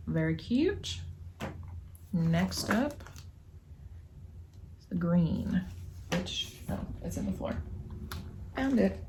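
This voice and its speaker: A woman's voice: medium pitch, vocal fry, warm tone, slight background noise. A young woman casually chatting at home while she crochets, rambling and muttering to herself with sighs as she works. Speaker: crochet vlogger.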